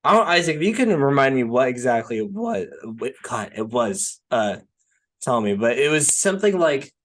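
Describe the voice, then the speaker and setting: This young man sounds very animated, his medium-pitched voice moving at a moderate pace as he co-hosts a podcast. The film chat is casual and meandering, and he keeps reaching for fillers like "like" and "right?"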